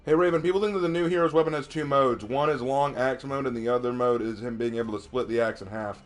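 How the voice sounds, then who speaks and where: A man streaming gameplay, reading chat aloud and thinking out loud as he plays, chatty and quick to laugh. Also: medium pitch, faint music behind. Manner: chatty, excitable, laughs often, talks to himself. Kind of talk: live gameplay commentary.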